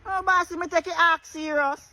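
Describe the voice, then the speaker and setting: A man's voice: very high-pitched, fairly even intonation, normal speed, sharp tone, distant mic, heavily acted. A man with a Jamaican accent playing an easygoing, joking ark builder, sheepish and laid-back. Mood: playful.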